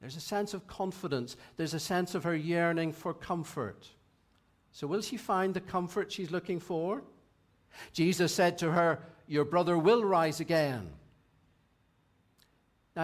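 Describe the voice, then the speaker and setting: A man in his sixties preaching a sermon in a measured, reflective way, reading scripture passages aloud. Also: fairly high pitch.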